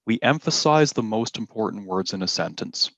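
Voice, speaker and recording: A man teaching an exam-prep class, explaining slowly and deliberately and stressing key words. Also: lowish voice, animated, vocal fry, a bit bright, dry recording. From Canada. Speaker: IELTS teacher. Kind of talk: classroom lesson.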